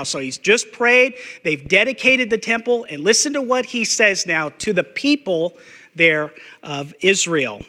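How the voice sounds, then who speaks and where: Blunt, high-voiced man preaching in a hall. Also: sharp tone. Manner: blunt, emphatic preaching with repetition and fillers. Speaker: pastor. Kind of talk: sermon.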